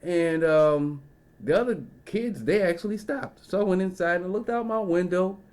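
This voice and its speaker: A man with a somewhat high-pitched voice, talking straight into the camera in a loose, rambling rant. He swears freely and keeps drifting into asides and fillers. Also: normal speed, a little mellow. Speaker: vlogger. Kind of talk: casual storytelling rant.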